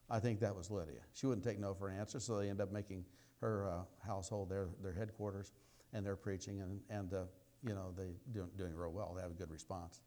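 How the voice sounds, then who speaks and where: A man with a lowish voice preaches a sermon, spinning a folksy story that dips into quiet asides and bursts into loud exclamations.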